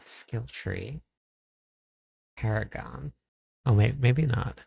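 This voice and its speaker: A man's voice: mid-range voice, drawn-out words, vocal fry, dark tone, husky, no room sound. A man streaming a game, chatting casually, thinking aloud and talking to his chat. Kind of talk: casual live-stream commentary.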